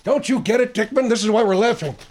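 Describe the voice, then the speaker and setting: A brash studio guest woman, as a man puts her on, with a high, blunt voice and a faint hum of room noise behind her. She needles the caller with flat mockery and shows little patience. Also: fast. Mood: mocking. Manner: blunt, mocking.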